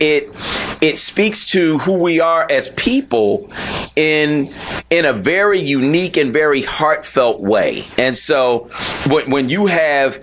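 A man hosting a radio talk show, chatting in a casual, animated way and often asking "you know what I'm saying". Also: mid-range voice.

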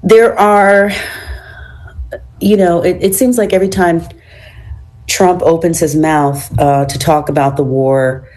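On her radio talk show, a woman with a low, dark, mellow voice sounds hoarse and raspy, almost froggy, because of a cold. She paces herself carefully and fills gaps with ums and uhs.

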